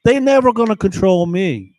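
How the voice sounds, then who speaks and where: Brief: a man ranting to camera, profane and repetitive, slightly high voice, dead-dry sound. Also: animated, normal speed, darkish tone, no echo, poor audio. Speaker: vlogger. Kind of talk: rambling monologue to camera.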